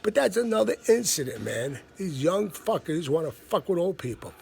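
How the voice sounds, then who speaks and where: Gravelly profane man in his fifties. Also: high voice, sing-song, moderate pace, a little hiss or hum. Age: 50s. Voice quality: gravelly, husky. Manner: profane, blunt, laughs between lines. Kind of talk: casual storytelling rant.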